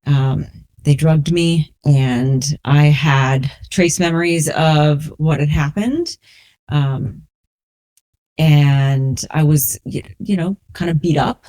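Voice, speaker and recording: A woman in her forties from New Orleans, a resilience coach telling her personal story as a podcast guest in a slow, reflective, earnest way. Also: sits low, mellow, no room sound. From New Orleans, USA.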